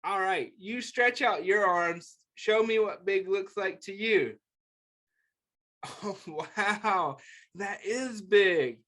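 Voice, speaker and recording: A man reads a picture book to small children, slow and clear, with a raised, sing-song pitch. He is gentle and encouraging, pausing to ask his young listeners questions and cheer them on. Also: animated. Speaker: children's story time host.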